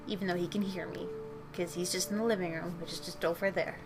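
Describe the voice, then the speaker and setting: A young woman chats casually as she draws at home, rambling and poking fun at herself. She sounds tired after a day of work, and clear music plays behind her voice. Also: lowish voice, steady tone, quick pace. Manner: rambling, jokey and self-deprecating. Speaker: channel host. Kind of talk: casual chat while drawing.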